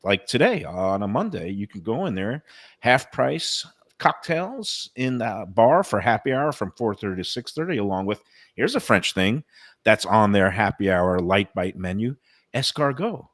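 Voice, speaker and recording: A man's voice: on the low side, big pitch swings, normal speed, no room sound, clean studio sound. A man hosting a food radio show, chatting enthusiastically about restaurants and giving dining tips. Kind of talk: casual food talk and read ads.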